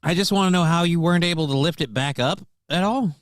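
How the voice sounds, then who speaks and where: A man co-hosting a morning show, tossing crude jokes and quick interjections into casual banter. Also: on the high side, no room sound, clean studio sound.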